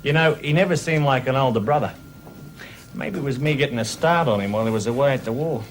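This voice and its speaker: A man's voice: medium pitch, fast talker, slight background noise, close to an everyday voice. An actor with an Australian accent playing a joking middle-aged uncle and wheeler-dealer who laughs through his brash banter. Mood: chatty.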